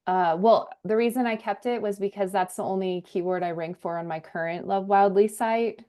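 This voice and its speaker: Soft-spoken self-deprecating woman. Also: medium pitch, fairly even intonation, moderate pace. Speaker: photographer getting feedback. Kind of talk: casual conversation.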